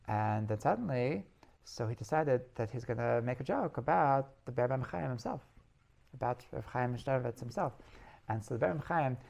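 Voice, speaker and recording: A man's voice: mid-range voice, gravelly, a little mellow. A male rabbi telling stories in a class, rambling, restarting phrases and laughing at his own tales. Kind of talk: storytelling Torah class.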